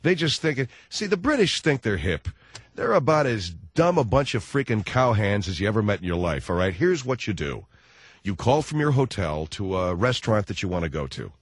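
Brash, lively male talk-radio host. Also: lowish voice, moderate pace, breathy edge, dry recording, clean studio sound. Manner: brash, jokey, animated storyteller who acts out voices. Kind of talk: casual talk radio monologue.

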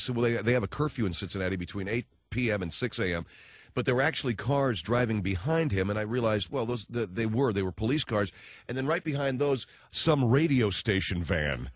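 A male talk radio host rambles through a joking monologue, his pitch leaping up and down as he riffs. The sound is dry and close, with a dull, muffled broadcast quality. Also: no room sound. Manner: wisecracking, riffing, acts out voices.

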